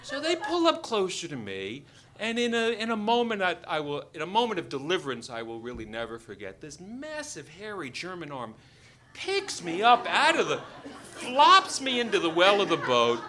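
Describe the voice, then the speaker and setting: A man spins a personal story on stage, wry and self-mocking, his voice leaping all over with life. His tone is bright and lively, and he acts out each scene as he goes. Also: high voice, moderate pace. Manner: animated, wry and self-deprecating, acting out scenes. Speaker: doctor and storyteller.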